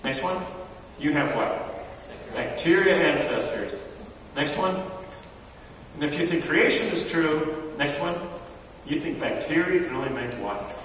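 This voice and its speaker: Animated man speaking in an echoey hall. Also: on the high side, measured pace, long pauses, far from the mic, a little hiss or hum. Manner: animated storyteller acting out dialogue. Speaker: speaker teaching a church audience. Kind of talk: lively talk to a live audience. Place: large hall with audience.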